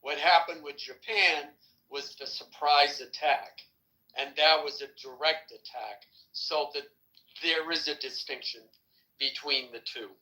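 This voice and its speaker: Measured man with a bright voice. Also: a little high, rough recording. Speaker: panelist in a political discussion. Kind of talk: casual opinion chat.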